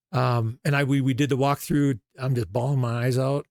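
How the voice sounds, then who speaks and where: Middle-aged male coach, lively storyteller, mid pitch, dry booth-like recording. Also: brisk, few pauses, dry recording. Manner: animated storyteller, acts out quoted dialogue. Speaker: basketball coach, guest. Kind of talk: storytelling interview talk.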